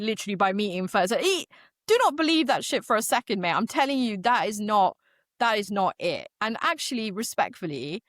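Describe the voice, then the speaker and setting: A woman's voice: medium pitch, fairly bright tone, no room sound, studio quality. A young English woman co-hosting a podcast, chatting in an emphatic, slangy way. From England. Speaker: podcast co-host. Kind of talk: casual chat.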